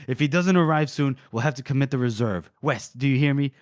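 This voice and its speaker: A man's voice: medium pitch, fairly quick, no echo, clean studio sound, lightly acted. Guy putting on a sick old general, blustery and frantic. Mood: blustering. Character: sick, frantic older male army commander.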